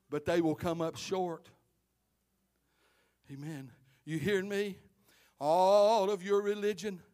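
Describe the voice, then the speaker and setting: A middle-aged man preaching a sermon as pastor, swinging from loud impassioned cries to quiet asides. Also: sits high.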